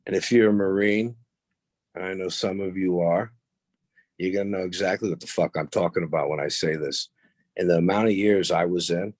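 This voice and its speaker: Deep-voiced, blunt, cursing man. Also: no room sound. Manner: blunt, profane, boastful. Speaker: podcast guest. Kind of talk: casual storytelling interview.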